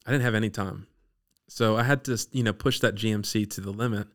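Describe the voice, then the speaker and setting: This guest, a man from the Eastern Shore of Maryland, tells a personal story as he shares his testimony. He speaks briskly in a low, smooth voice, animatedly acting out the people in his tale.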